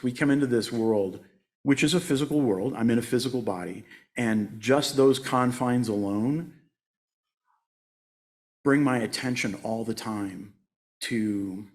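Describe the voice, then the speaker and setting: A man's voice: mid-range voice, a little slow, long pauses, darkish tone. A man in his sixties giving a conversational sermon as a guest speaker at a church, joking at his own expense and laughing often. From United States. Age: 60s. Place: church sanctuary.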